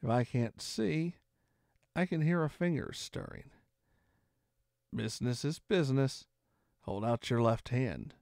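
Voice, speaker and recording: A cruel blind old beggar from a pirate tale, put on by a male reader. His voice is cold and gravelly, sneering one moment and wheedling the next, with lively swings of pitch. The sound is dry and close. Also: a little slow, long pauses, dry recording. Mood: menacing. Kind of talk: storybook reading.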